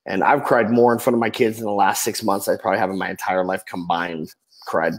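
A man's voice: low voice, steady tone, fast, poor audio. Earnest man telling a personal story. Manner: earnest, emotional, often trailing off softly.

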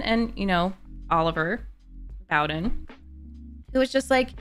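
A woman's voice: medium pitch, animated, measured pace, pauses often, a bit bright, faint music behind. A woman YouTuber chatting casually to camera as a fan, gushing and rambling with frequent "like" and the odd swear word. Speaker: gaming YouTuber discussing a book.

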